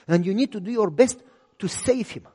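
A man voicing a calm, firm wife. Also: high-pitched, normal speed, slightly rough, long reverb tail. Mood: earnest. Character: earnest, steady wife giving firm advice.

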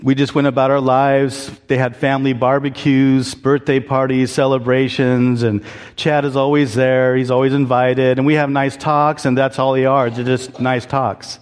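A man's voice: mid-range voice, little pitch movement, normal speed, clear, resonant tone, long reverb tail. A man preaching a sermon as a pastor, candid and conversational, asking the congregation to answer back. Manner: candid, conversational preaching with audience call-and-response. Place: church.

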